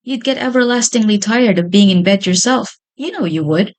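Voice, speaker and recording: A smooth-talking pumpkin ringleader, sly and jolly, wheedling in a soft, lowered voice, as a woman storyteller puts him on. His tone stays gentle and winning, the way a storybook rogue talks his way out of trouble. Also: lively intonation, normal speed, lightly acted. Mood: coaxing. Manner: persuasive, coaxing. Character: sly jolly pumpkin gang leader, male.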